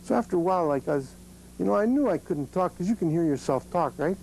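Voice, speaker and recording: Gravelly man, a bit high-pitched, a lively storyteller talking frankly to students. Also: quick pace, a little hiss or hum, rough recording. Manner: animated storyteller, salty, laughs often. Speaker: accident survivor speaking to students. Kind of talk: personal story told to a group.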